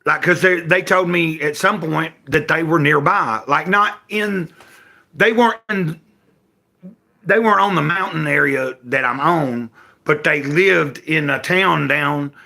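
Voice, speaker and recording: An older Tennessee man hosting a livestream from home chats casually with viewers in a Southern accent, rambling folksily and correcting himself. He talks a little slowly, his fairly high voice creaky yet pushed and bright.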